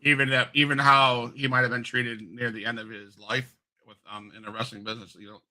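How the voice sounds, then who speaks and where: Guy hosting an interview, super bright sharp voice, friendly, keeps restarting his questions. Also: mid-range voice, little pitch movement, brisk, poor audio. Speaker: interview host.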